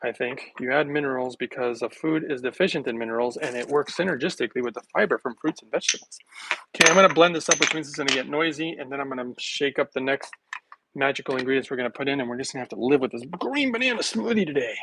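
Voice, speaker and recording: A man rambles to camera while he makes a smoothie in his kitchen, joking and laughing along the way. His pitch sits in the usual middle for a man. Clear noise runs under his voice the whole time. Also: quick pace. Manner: playful, jokey, chatty, laughs often. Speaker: vlogger making a smoothie. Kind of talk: casual rambling monologue to camera.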